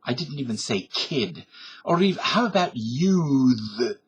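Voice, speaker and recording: A man's voice: mid-range voice, big pitch swings, measured pace, breathy edge, muffled recording. A man in his fifties or sixties talking into a webcam at home in a folksy, digressive monologue that wanders and often corrects itself. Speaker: vlogger. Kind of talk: rambling casual monologue.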